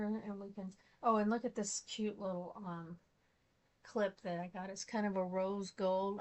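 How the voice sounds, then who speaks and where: A middle-aged woman, chatting casually and rambling as she shows her craft supplies. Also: medium pitch. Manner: chatty, rambling, thinks aloud. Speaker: craft vlogger. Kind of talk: casual show-and-tell chat.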